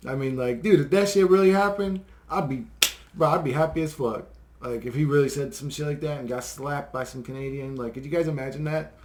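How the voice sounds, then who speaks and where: A man's voice: medium pitch, brisk, a little mellow, slight background noise. A man vlogging a rambling, profane conspiracy rant to his viewers, swearing constantly and chuckling between points.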